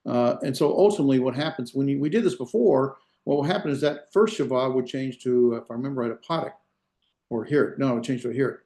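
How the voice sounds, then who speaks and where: A middle-aged man lectures a grammar class at an ordinary pitch, stopping often to correct himself and fill pauses. His delivery is hesitant and self-deprecating. The recording carries a noticeable room echo. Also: warm tone. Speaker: Hebrew instructor.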